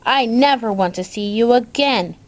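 A woman's voice: a little high, normal speed, natural voice. A woman voicing an angry, commanding duke as she reads a storybook aloud, with a roaring, stern manner.

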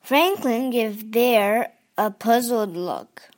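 A woman reading a children's picture book aloud in an expressive, deliberate way. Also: fairly high pitch. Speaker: storybook reader.

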